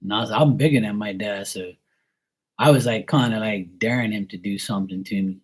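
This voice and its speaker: A man's voice: fairly low pitch, brisk, slightly rough. A man in his forties from Bermuda, telling a personal story in a rambling, blunt, heavily profane way with many fillers. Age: 40s. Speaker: tarot reader streaming live.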